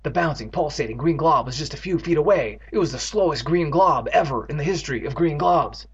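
A man's voice: fairly high pitch, expressive, a little fast, slightly rough. A man reading a children's book aloud, interrupting it with sarcastic, profane jokes. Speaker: comedic reader. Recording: dull lo-fi recording.

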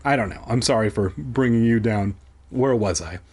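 A man's voice: medium pitch, moderate pace, a little mellow, husky. A man reading a kids' book aloud for laughs, breaking off into profane, self-deprecating asides.

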